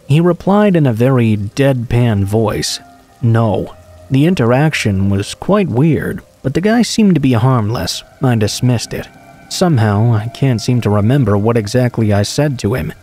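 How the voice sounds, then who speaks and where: A man reading true scary stories aloud in a calm, steady first-person narration. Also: medium pitch. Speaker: horror story narrator.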